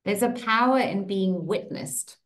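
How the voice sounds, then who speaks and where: A woman guiding a group through a slow tapping meditation, speaking soothing affirmations for listeners to repeat. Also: medium pitch. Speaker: circle leader guiding tapping.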